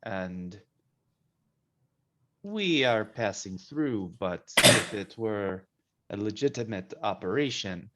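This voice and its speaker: A man's voice: on the low side, animated, takes it slowly, pauses often, bright, forceful tone, slight background noise, full character voice. A man voicing a courteous spellcaster who speaks formally and apologetically. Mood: formal apology. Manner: stiff, formal, apologetic speech.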